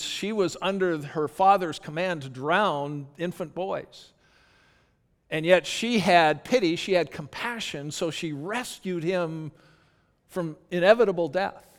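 High-voiced pastor preaching in a reverberant hall. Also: male voice, slow. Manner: earnest, conversational preaching with frequent restarts. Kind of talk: sermon.

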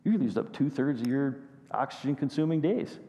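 A man's voice: mid-range voice, animated, normal speed, warm tone. Man preaching in a reverberant church. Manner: storytelling, addresses congregation with questions. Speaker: pastor. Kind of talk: sermon.

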